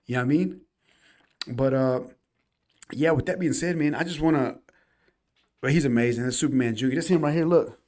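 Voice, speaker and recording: A man's voice: mid-range voice, a little fast, long pauses, a little mellow. A man co-hosting a podcast, telling a personal story in casual chat, earnest and emphatic, often calling the listeners y'all. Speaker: podcast co-host.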